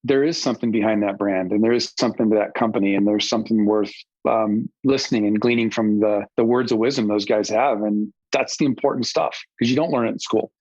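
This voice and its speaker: A man's voice: on the low side, fairly even intonation, a little fast, darkish tone, no room sound. A man who is a company CEO, speaking as a podcast guest in an emphatic, motivational way. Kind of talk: conversational interview. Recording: dull, slightly lo-fi audio.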